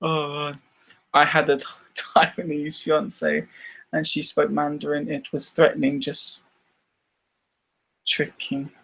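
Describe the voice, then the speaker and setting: A man's voice: on the high side, little pitch movement, takes it slowly, gravelly, pauses often, fairly bright tone, husky. A Scottish man chatting casually on a live stream, rambling and laughing often. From Scotland. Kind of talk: casual chat.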